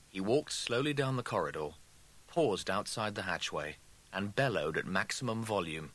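A man narrating an audiobook in a deliberate, dramatic storytelling style. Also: low voice, a bit bright.

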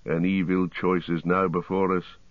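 A man playing a weary grim ranger leader, low and grave. The deep voice stays heavy and tired, heard through a dry, slightly dull audiobook recording. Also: flat delivery, normal speed, no room sound, lightly acted.

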